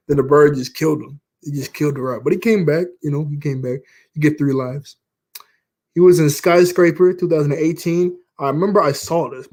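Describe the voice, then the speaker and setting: A man's voice: fairly high pitch, a little mellow. A young man chatting casually about movies, meandering, with lots of fillers and frequent laughs. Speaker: YouTuber. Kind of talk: casual rambling commentary.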